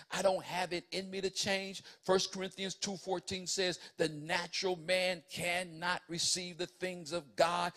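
A man preaching a sermon in church, moving from quiet Bible teaching to loud, fervent preaching and asking the congregation questions. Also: high voice.

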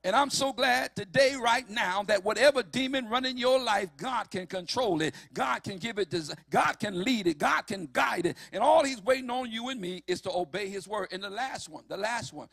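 A man preaching a sermon, emphatic and building to shouts on key lines. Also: sits high, expressive, moderate pace, gravelly, few pauses, husky, no room sound.

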